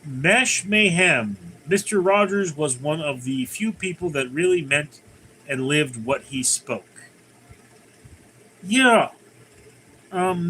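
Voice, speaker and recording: A fairly high-voiced man runs a relaxed livestream. He reads viewer comments aloud and then rambles through his answers in an easygoing, conversational way. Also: slight background noise, poor audio. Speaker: livestream host. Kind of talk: casual live chat reading viewer comments.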